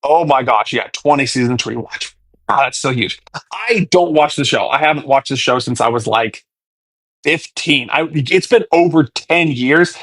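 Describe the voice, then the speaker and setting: A man's voice: medium pitch, moderate pace, a bit bright, dry recording. A man in his twenties answering viewer questions on a casual livestream, chatty and thanking viewers as he reads comments. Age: 20s.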